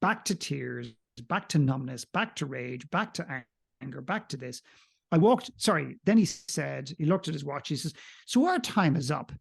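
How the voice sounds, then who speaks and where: A man, a podcast guest, telling a candid personal story in an animated, self-mocking way with some profanity. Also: mid-range voice, normal speed, vocal fry, husky.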